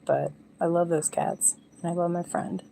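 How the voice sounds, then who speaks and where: Woman, live stream chat, gravelly, mellow dark tone, faint crickets behind. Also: fairly low pitch, level tone, normal speed, a little hiss or hum. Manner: rambling, candid, drifts into whispers at times. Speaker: livestreamer.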